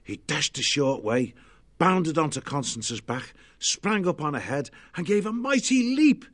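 A man narrating a children's storybook in a lively, expressive way. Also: fairly high pitch, measured pace.

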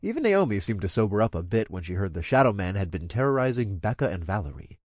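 Blunt, expressive male storyteller. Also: on the low side, fast talker, no echo, studio quality. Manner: blunt, swears freely. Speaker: narrator and lead character. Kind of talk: first-person story narration.

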